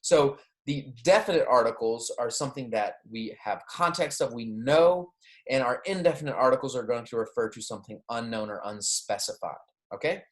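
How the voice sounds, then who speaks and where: In a recorded lecture, a man with a mid-range voice teaches Spanish grammar patiently. He often pauses to ask "okay?" or "right?", and his Spanish examples come out slow and clear.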